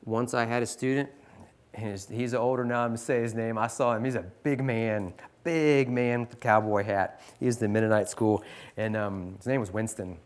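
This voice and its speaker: A man's voice: mid-range voice, steady tone, normal speed. A man in his forties, a teacher, earnestly teaching other teachers with scripture and stories. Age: 40s. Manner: earnest, pleading, reads scripture aloud.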